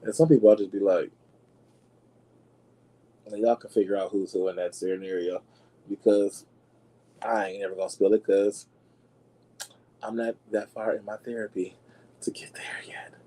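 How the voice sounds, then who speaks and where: A man hosting a talk show, gossiping in a sassy, animated way and talking straight to his listeners. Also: fairly low pitch, moderate pace, long pauses, poor audio. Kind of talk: casual gossip commentary.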